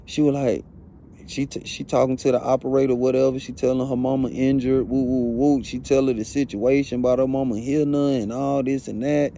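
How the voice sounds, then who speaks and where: Mellow-voiced man telling a story. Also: mid-range voice, flat delivery, a little fast, slight background noise. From Atlanta. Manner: blunt and profane, leaning on "you know what I'm saying". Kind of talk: casual first-person storytelling.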